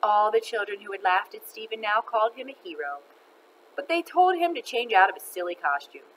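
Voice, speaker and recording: A woman reading a children's book aloud in an expressive, animated way. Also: mid-range voice, a little fast, a little hiss or hum, poor audio. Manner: expressive, animated, laughs between lines. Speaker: storyteller.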